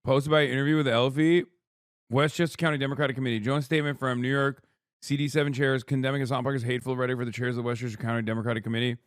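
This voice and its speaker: A man in his thirties doing casual political commentary as a streamer, sarcastic and quick to swear, rattling through headlines. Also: medium pitch, level tone, clean tone, dry recording, clean studio sound.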